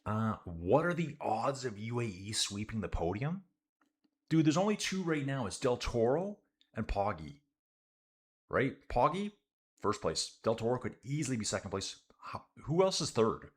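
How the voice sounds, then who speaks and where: Chatty low-voiced man calling a bike race. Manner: casual and chatty, addresses viewers as guys and dude. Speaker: livestream cycling commentator. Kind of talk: live race commentary and chat reading.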